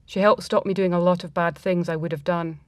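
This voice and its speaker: Reading a first-person story aloud, a woman speaks reflectively and at a measured pace, her fairly low voice keeping a steady tone. The audio is close and dry, without any echo or room sound.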